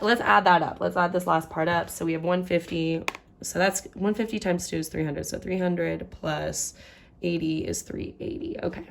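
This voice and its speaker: A woman's voice: on the low side, vocal fry, fairly bright tone, slight background noise. A young woman casually walking through a budget, chatting and thinking aloud as she works out the sums. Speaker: budgeting vlogger.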